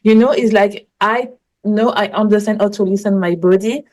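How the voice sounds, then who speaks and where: A woman's voice: medium pitch, normal speed, darkish tone, poor audio. A woman, a coach talking as a guest in a casual interview, telling earnest, rambling stories in English. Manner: earnest, rambling storytelling in non-native English. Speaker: manifestation coach, podcast guest.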